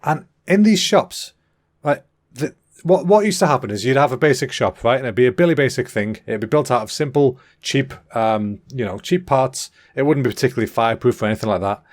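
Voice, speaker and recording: A man's voice: mid-range voice, a little fast. An English man rambles through a solo comedy podcast in a mid-range voice. He is cheeky and sweary, and keeps going off on tangents. He stops now and then to correct himself. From England. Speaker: podcast host.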